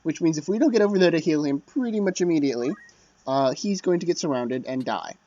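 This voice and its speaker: A let's play commentator chats about the strategy game he's playing, self-deprecating and often muttering under his breath. His fairly high, mellow voice is quick and lively in intonation, captured on a dull lo-fi dry mic.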